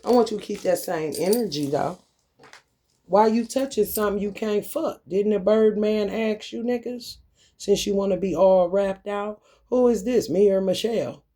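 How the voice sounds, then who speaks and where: A man's voice: sits high, normal speed, mellow. A man vlogging a profane, confrontational rant, swaggering and taunting his targets.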